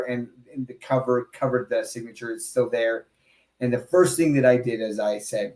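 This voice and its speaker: A man hosts a casual podcast chat and talks with a lot of emphasis, breaking off into quick asides and restarting his sentences. His voice sits in a middle range, and the room around him sounds noticeably echoey. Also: medium pitch, steady tone, darkish tone. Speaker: podcast host.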